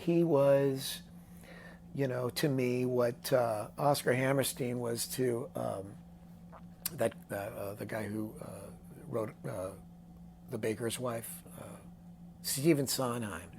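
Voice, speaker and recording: Older male songwriter guest with a gravelly voice, animated storyteller who acts out the people he quotes. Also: mid-range voice, slow, slight background noise. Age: 60s. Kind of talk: casual storytelling interview.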